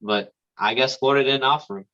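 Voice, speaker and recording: Brief: young male co-host, bright voice, joking, dull lo-fi recording. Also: medium pitch. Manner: joking, quick to laugh. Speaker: podcast co-host. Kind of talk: casual sports podcast chat. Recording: dull lo-fi sound.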